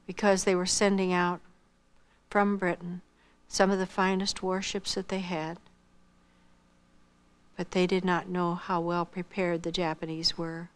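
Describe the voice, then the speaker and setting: An older woman giving a personal missionary testimony, earnestly telling her story and acting out remembered dialogue, dropping to a hush at tender moments. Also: lowish voice, clean tone.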